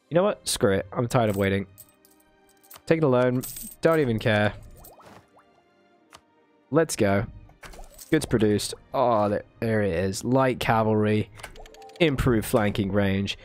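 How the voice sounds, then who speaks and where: A man's voice: on the low side, lively intonation, unhurried, pauses often, darkish tone, faint music behind. A man hosting a strategy game video, commentating casually, joking, and talking to his units as he plays. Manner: playful, muttering, talks to units in game. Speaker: gaming video host. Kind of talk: let's play commentary.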